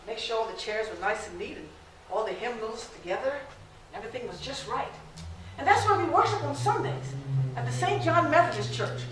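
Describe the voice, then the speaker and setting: A woman's voice: high-pitched, fairly bright tone, slight background noise. A woman playing a devout, determined formerly enslaved mother who tells her own story in an emotional first-person stage monologue. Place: large echoey library room. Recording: echoey room from far off.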